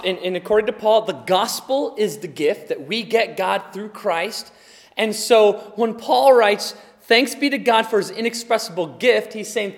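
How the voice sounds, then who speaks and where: A man preaching a sermon, emphatic, swinging between quiet explanation and loud exclaiming. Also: high voice. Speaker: pastor. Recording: long hall reverb.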